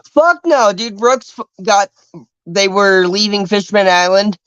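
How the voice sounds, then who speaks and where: A man's voice: sits high, unhurried, fairly bright tone, smooth, dry recording. Man co-host, casual chat, blunt and sweary, dull lo-fi sound, dry room.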